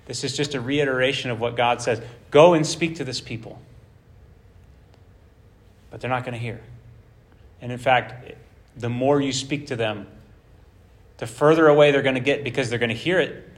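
A man's voice: mid-range voice, moderate pace, pauses often. A man teaching through a Bible passage verse by verse, conversational and checking in with rhetorical questions, repeating key phrases for emphasis.

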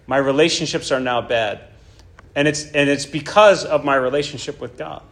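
A man's voice: fairly high pitch, moderate pace, fairly bright tone. A man preaching a sermon in an emphatic way, often checking in with his listeners. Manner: emphatic, checks in with "right?" and "okay?".

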